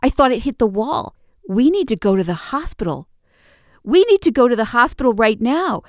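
A woman's voice: on the high side, big pitch swings, a little fast, dry recording, studio quality, pitched above the performer's own voice. A woman putting on the voice of her alarmed, agitated girlfriend, urgent and raised.

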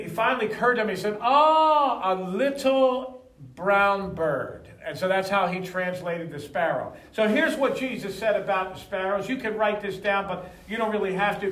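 A man's voice: high-pitched, a bit bright. A man preaching a sermon to a congregation, reading verses and leading call-and-response. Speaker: pastor. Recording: echoey hall from far off.

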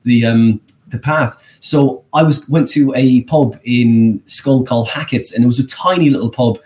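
Rambling Irish man telling stories. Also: normal speed. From Ireland. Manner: animated, rambling storyteller with pitch leaps. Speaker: guest comedian. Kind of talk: casual storytelling in a podcast interview.

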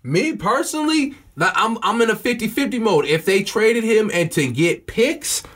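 A man trading football opinions in a casual chat, with a fairly high voice that rises and falls a lot. He jokes and teases in loose slang. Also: moderate pace. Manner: animated, joking, slangy. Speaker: podcast co-host.

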